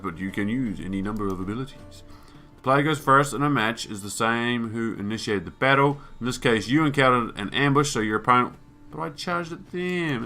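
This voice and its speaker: Bright-voiced man doing gameplay commentary. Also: mid-range voice. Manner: thinks aloud, swears, reads on-screen text. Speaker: gaming YouTuber. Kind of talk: let's play commentary.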